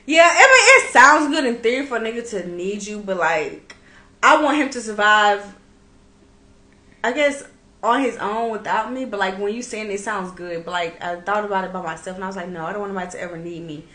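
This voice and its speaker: A woman with a bright, crisp tone, co-hosting a casual podcast. She reacts often with listening sounds and playful asides. The room rings with echo. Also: medium pitch, moderate pace. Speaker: podcast co-host. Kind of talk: casual chat.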